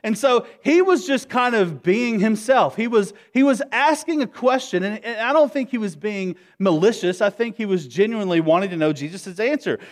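A pastor preaching to his congregation with a notably high voice. He talks in an easy, energetic way and keeps calling the room to respond. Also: normal speed, few pauses. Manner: conversational, energetic, rallies the congregation. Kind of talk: sermon. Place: church, before a congregation.

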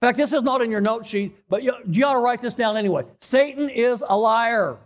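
A man preaching a sermon as pastor, earnest, repeating phrases and often clearing his throat. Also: very high voice, fairly quick.

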